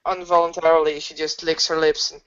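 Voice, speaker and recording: A woman playing a tabletop game, describing her character's actions in a halting, hesitant way, on a dull lo-fi recording. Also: deep voice, flat delivery, a bit bright. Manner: hesitant, halting narration with fillers. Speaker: player.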